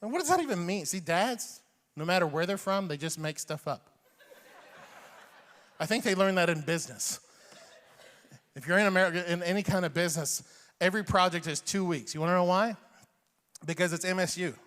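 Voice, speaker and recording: Brief: male stand-up comic in his forties from Iran, lively and high-pitched, long hall reverb. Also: normal speed, pauses often. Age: 40s. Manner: animated, chuckles at own jokes. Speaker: comedian. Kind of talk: stand-up comedy.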